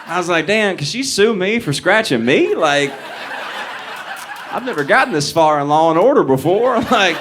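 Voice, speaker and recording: Young male stand-up comic, animated storyteller who acts out voices and chuckles at his own punchlines, faint room hiss. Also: sits high. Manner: animated storytelling, acting out quoted voices, laughing at own jokes. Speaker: stand-up comedian. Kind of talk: stand-up comedy set. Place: comedy club stage before a live audience.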